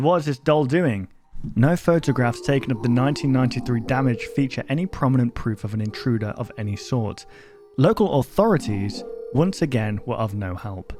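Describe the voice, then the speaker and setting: A man hosting a reaction video, reading a horror story aloud in an even tone and breaking off with sudden loud exclamations. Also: mid-range voice.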